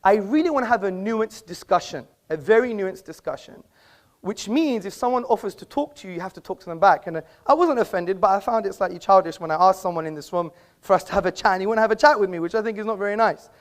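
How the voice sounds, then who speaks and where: A man's voice: high-pitched, lively intonation, fast. A man giving a formal debate speech in an auditorium, combative and pointed, quoting sources at length. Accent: British. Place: auditorium with an audience.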